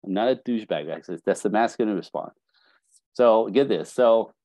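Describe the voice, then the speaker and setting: Low mellow-voiced man telling stories. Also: normal speed, no echo. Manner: animated storytelling, acting out dialogue. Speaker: dating coach guest. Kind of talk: casual podcast conversation.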